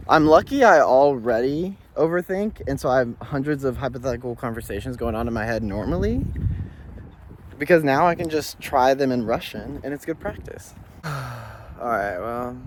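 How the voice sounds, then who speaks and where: A man's voice: mid-range voice, a little hiss or hum. Young man rambling on a hike. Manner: rambling, joking, candid storytelling. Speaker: vlogger. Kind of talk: casual chat while hiking. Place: outdoors on a hiking trail.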